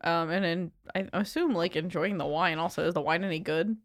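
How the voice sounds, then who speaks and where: A woman's voice: on the low side, brisk, no echo, studio quality. A woman playing a tabletop role-playing game, chatty and giggling often. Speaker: player. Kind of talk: casual tabletop game chat.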